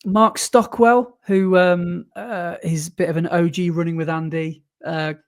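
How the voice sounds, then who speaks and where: A man from the UK talks casually on a podcast, rambling with fillers and quick restarts. His voice sits a little high for a man. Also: fairly even intonation. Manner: chatty, enthusiastic, many fillers and restarts. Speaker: podcast co-host. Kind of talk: casual chat.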